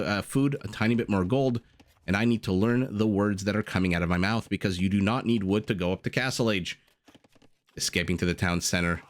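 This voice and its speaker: A young man casting a strategy game live, in a somewhat low voice. He keeps it playful and pokes fun at his own slips. His delivery is clear and close to a desk mic. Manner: playful, self-deprecating, jokey asides. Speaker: game caster.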